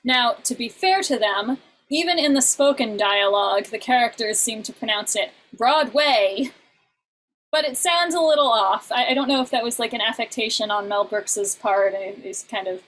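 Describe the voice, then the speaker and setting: A woman's voice: fairly high pitch, moderate pace, fairly bright tone, rough recording. A young adult woman teaching an online songwriting class in a chatty way, with many fillers and restarts.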